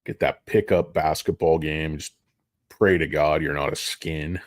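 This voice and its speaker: A man's voice: extremely low pitch, fairly even intonation, measured pace, no echo, clean studio sound. A man giving casual, rambling stock commentary, jokey and self-deprecating. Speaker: stock market vlogger.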